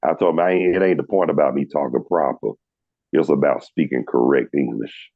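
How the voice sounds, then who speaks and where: A man's voice: brisk, vocal fry, dry recording, narrow, tinny audio. A man from Atlanta with a Southern drawl, telling stories in a casual chat with many restarts. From Atlanta, USA. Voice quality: very deep voice. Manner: storytelling with many restarts and quoted dialogue. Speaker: show host.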